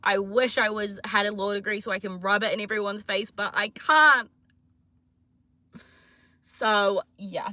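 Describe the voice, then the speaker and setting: A young woman of twenty with a New Zealand accent chats through a casual confessional vlog, poking fun at herself and joking as she goes. Her voice is bright and a little tense, set at an everyday middle pitch. The sound is close and dry, with no room around it. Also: measured pace, pauses often, dry recording. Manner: chatty, self-mocking, jokey. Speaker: vlogger.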